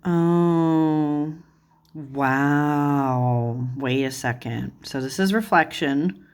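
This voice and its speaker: Gushing slow-talking woman, low voice. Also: darkish tone, clean tone. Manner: gushing, easily delighted, lots of "like" and "oh my goodness". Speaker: tarot channel host. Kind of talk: chatty deck flip-through.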